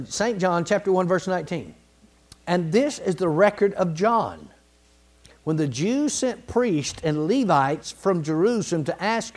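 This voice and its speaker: A man preaching a sermon in a folksy, colloquial way, building to emphatic repeated phrases and clearing his throat now and then. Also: high voice, darkish tone. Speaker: pastor.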